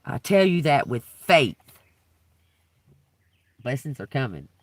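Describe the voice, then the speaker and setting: Laid-back tarot reader, off-mic. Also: male voice, mid-range voice, big pitch swings, slow, no echo, recorded from a distance. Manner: casual, swears freely and laughs often. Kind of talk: live-stream tarot reading.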